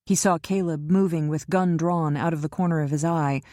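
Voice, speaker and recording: A woman narrating a crime thriller audiobook in a steady storytelling manner. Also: low-pitched, moderate pace, dry recording, studio quality.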